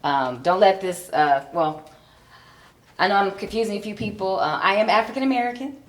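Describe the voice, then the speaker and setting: A Chicago stand-up comedian in her forties performs on a comedy club stage, chatty and self-mocking, with plenty of ums. Her voice is mid-range and fairly quick, and the club room sounds echoey.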